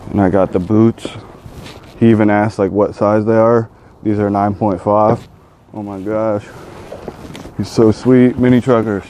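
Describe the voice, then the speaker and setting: A man in a casual vlog, talking in a rambling, excitable way and often saying dude. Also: lowish voice, measured pace, a little hiss or hum. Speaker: vlogger.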